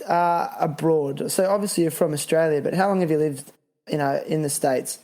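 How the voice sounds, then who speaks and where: A man's voice: on the high side, normal speed, darkish tone. A man hosting a podcast interview, reading sponsor spots and chatting in laid-back surfer slang. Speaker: podcast host. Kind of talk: casual interview.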